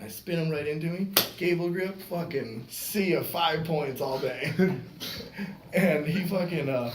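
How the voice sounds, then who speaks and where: A man hosting a podcast, telling a story casually with lots of swearing and acting out the voices of the people in it. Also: fairly high pitch. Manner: profane, animated, acts out quoted voices. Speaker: podcast host. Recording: echoey room with faint noise.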